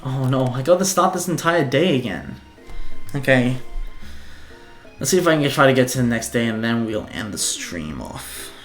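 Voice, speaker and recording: A young man chats through a game stream in a goofy, loose way, laughing easily between remarks. His pitch sits in an ordinary middle range, with faint music playing behind him. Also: sing-song, moderate pace, fairly bright tone. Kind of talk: let's play commentary.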